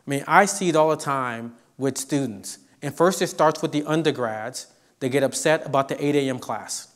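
A middle-aged man giving a humorous motivational university lecture, telling stories with lively delivery. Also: mid-range voice, normal speed. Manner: animated storyteller, acts out quotes. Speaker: professor giving a guest lecture.

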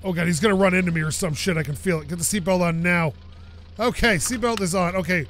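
Excitable male game commentator with a high voice, engine rumble loud under him. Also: quick pace. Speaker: let's play host. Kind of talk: casual gameplay commentary.

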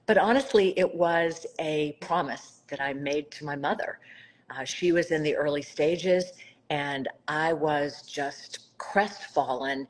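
On a rough recording, a South Carolina woman in middle age, founder of a nonprofit, talks slowly in a low voice. It's an Instagram live conversation, and her storytelling is heartfelt and warm, rising into emphatic swells.

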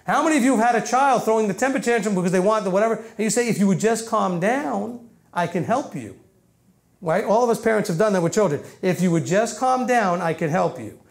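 A man's voice: high-pitched, a little mellow. A man teaching a congregation of about a hundred and fifty people through a microphone, in a loose, conversational sermon with frequent self-corrections. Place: meeting room with about 150 people.

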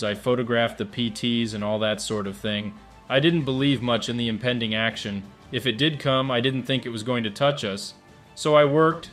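A man's voice: mid-range voice, fairly bright tone. A middle-aged man giving a plain, matter-of-fact spoken recollection of his wartime service, rambling a little and restarting his sentences. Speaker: wartime filmmaker giving a firsthand account.

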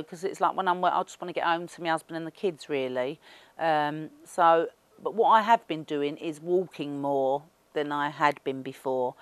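A woman's voice: deep voice, no echo. A middle-aged woman with a Cockney accent, chatting casually and rambling with lots of fillers as an interviewee. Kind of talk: casual chat.

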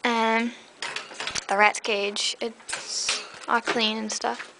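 A woman's voice: flat delivery, very slow, background noise. A tired young woman rambling through a casual tour of her pets' cages at home, filled with fillers. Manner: rambling, chatty, many fillers; high coaxing voice when calling her pets. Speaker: pet vlogger. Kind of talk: casual pet cage tour. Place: indoor room at home. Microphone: handheld camera mic.

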